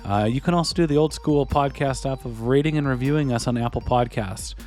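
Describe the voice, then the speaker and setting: A man's voice: medium pitch, a little fast, darkish tone, soft background music. A man co-hosting a hockey podcast, chatting casually and reading the show's plugs with a joking manner. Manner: joking, reads listener plugs conversationally. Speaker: podcast co-host.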